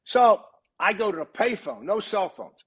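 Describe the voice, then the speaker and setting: High-pitched and husky at normal speed, this older man is a retired coach appearing as a podcast guest. He relates long anecdotes casually, animatedly voicing the dialogue he quotes.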